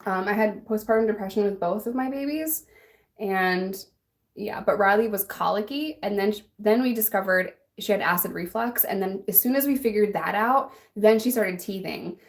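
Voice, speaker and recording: A woman's voice: medium pitch, normal speed. Young woman livestreaming, doing makeup, chatty and blunt, laughs a lot. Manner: chatty, blunt, laughs often, answers chat. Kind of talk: casual chat while doing makeup.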